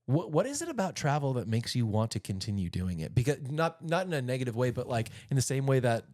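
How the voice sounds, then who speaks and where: A man in his thirties co-hosting a casual podcast chat, animated and jokey, rambling through stories. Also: medium pitch, fast, no room sound, clean studio sound. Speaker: podcast co-host.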